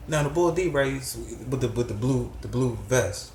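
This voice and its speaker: A man's voice: medium pitch, normal speed, a little mellow, roomy sound, slight background noise. A middle-aged man giving a heated, profane commentary rant that rises into disbelieving outbursts. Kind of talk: ranting commentary.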